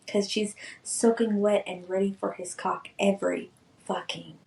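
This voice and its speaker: A woman co-hosting a podcast, chatting casually and bluntly about a book she has read, with crude, animated retellings of its scenes. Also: medium pitch, takes it slowly, gravelly, echoey room, far from the mic. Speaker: podcast co-host. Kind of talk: casual book-review chat.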